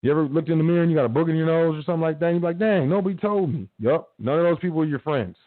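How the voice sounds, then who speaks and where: A man's voice: on the high side, very fast, no echo. A man hosting a radio show, giving casual motivational talk in a slangy big-brother tone, acting out little quotes. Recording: tinny phone-like audio.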